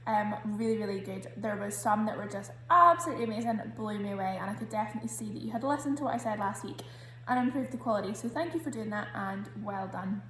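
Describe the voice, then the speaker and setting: A woman with a Scottish accent, a primary school teacher recording a spelling lesson for children. She explains each word patiently and says every sound slowly and carefully. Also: medium pitch, fairly bright tone, reverberant.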